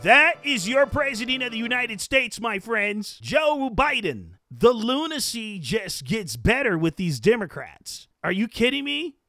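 A man hosts a podcast in an indignant, mocking political rant. His voice sits very high for a man and leaps around expressively. The sound is bright and dry, with no room around it. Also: very animated, unhurried, hardly any pauses, dry recording, faint music behind. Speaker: podcast host.

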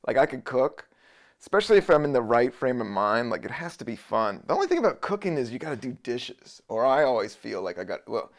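A man's voice: mid-range voice, creaky. A man from the Washington DC area hosting a podcast in a loose, wandering, jokey monologue, swearing casually. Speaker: podcast host.

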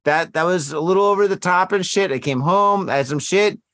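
A man's voice: sits high, brisk, fairly bright tone, no echo. A man hosting a casual drinking podcast, swearing heavily and rambling with emphatic repeats. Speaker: podcast host.

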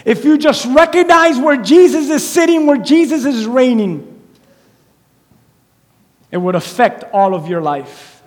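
A man preaching a sermon in a church, animated and conversational, acting out little quotes as he goes. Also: very high voice, unhurried, long pauses. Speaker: pastor. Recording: echoey hall reverb.

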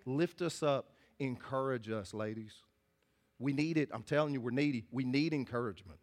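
Earnest pastor preaching a sermon. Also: male voice, mid-range voice, moderate pace. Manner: earnest, folksy, repeats and restarts phrases. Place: church hall with congregation.

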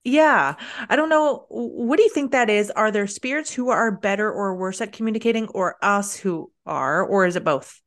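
Lively woman host with casual, punchy reactions. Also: mid-range voice, normal speed, few pauses. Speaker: podcast host, medium. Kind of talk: casual chat.

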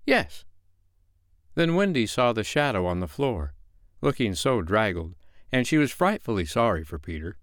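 Expressive male storyteller, lively reading. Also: lowish voice, normal speed, dry recording, clean studio sound. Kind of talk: audiobook narration of a classic novel.

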